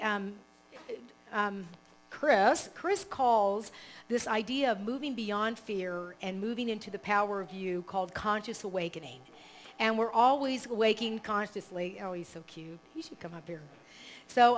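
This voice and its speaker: A woman minister preaching a live sermon in an animated, conversational way, rambling and restarting as she talks. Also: medium pitch, poor audio. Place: church service, live.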